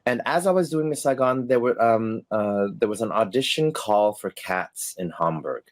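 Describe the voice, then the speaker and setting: A middle-aged man, formerly a stage performer, recounts stories in a casual interview at a moderate pace. His fairly low voice turns animated and full of laughter as he acts out the people he quotes.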